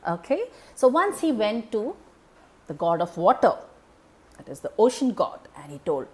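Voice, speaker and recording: A woman's voice: mid-range voice, sing-song, normal speed. A woman, telling a children's story and checking in with listeners.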